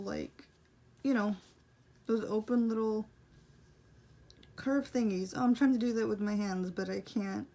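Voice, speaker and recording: A woman's voice: medium pitch, darkish tone. A young woman casually explaining braille punctuation, rambling and apologizing for her explanations. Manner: self-deprecating, rambling, apologetic. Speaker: braille teacher. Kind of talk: casual tutorial.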